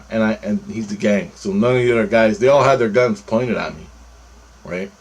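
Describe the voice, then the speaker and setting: A man's voice: on the low side, normal speed. A man telling a story about a dream in a rambling, profane, casual way. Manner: rambling, profane, restarts phrases.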